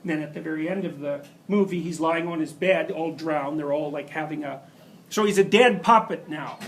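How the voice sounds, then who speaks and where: A man's voice: fairly high pitch, moderate pace, low-quality recording. A man giving a university lecture, telling stories emphatically with rhetorical questions and asides. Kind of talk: classroom lecture.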